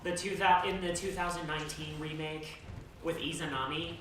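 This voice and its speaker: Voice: medium pitch, fairly even intonation, normal speed. A streamer chatting casually while playing a game, rambling with restarts and laughter. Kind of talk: casual chat while gaming. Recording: very echoey, distant, background noise.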